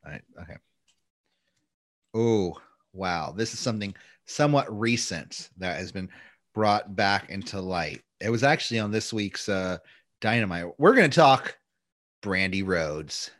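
A man's voice: deep voice, lively intonation, a little slow, fairly bright tone, dry recording, clean studio sound. A man hosting a casual podcast chat, loose and profane, often slipping into mock voices. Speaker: podcast host.

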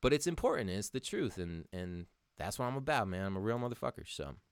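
A man's voice: on the low side, very animated, fast, clean tone, no echo, studio quality. A young man hosting a casual show, ranting heatedly with lots of swearing and calling listeners "dude". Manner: heated, profane, says "dude" a lot. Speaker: podcast host. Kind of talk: casual profane monologue, reading articles aloud.

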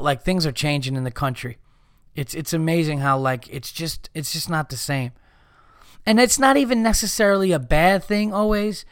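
A man hosting a podcast, talking casually in a rambling, profane, animated way. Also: medium pitch, clear, resonant tone, no room sound, clean studio sound. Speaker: podcast host.

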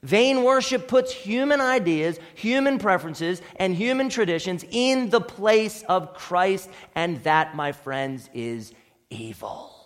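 A man pastor preaching a sermon emphatically, swinging between loud declarations and quiet asides. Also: sits high, expressive, slow. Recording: long hall reverb.

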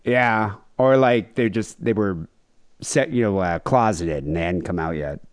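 A man's voice: fairly low pitch, a little slow, clear, resonant tone, no room sound, clean studio sound. A man in his thirties, hosting a casual comedy podcast, rambling and joking with laughs. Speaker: podcast host.

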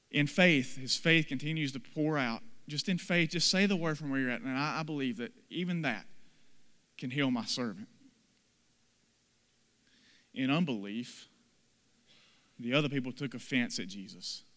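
A man preaching a sermon, dramatically acting out the people in the story with sudden loud and soft swings. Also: medium pitch, in a large hall. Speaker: pastor.

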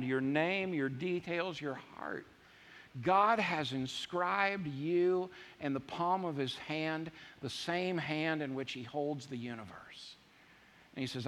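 Male pastor preaching, high voice, big echoey hall, goes from loud to quiet. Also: lively intonation, unhurried. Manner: emphatic, repetitive preaching with swings from loud to hushed. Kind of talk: sermon. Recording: long hall reverb.

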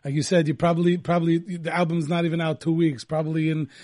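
A man's voice: on the high side, level tone, fast, a little mellow. A man hosting a radio interview, chatty and informal, often restarting his sentences. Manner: chatty, many restarts, laughs easily. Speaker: radio host. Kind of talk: casual radio interview chat.

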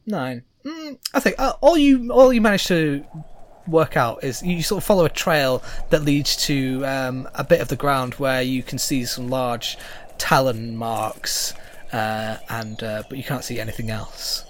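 A man's voice: mid-range voice, unhurried, a little hiss or hum. A man narrating as game master, chatty, with many fillers.

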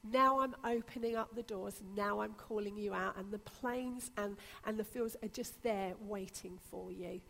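A woman's voice: mid-range voice, moderate pace, gravelly, few pauses, fairly bright tone. A woman pastor preaching a sermon with earnest, repetitive emphasis. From Britain. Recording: long reverb of a church hall.

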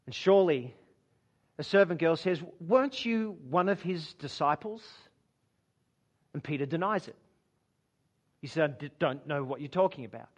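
A man preaching a sermon, retelling a story dramatically, acting out quoted lines and dropping low and soft for emphasis.

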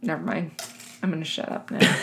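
A woman's voice: low-pitched, creaky, a bit bright. A woman from the United States co-hosting a podcast in casual chat, wry and self-deprecating. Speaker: podcast co-host.

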